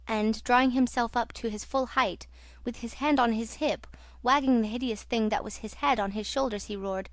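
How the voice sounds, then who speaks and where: A woman narrating a classic horror audiobook in an expressive, theatrical reading. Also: on the high side, moderate pace, no echo.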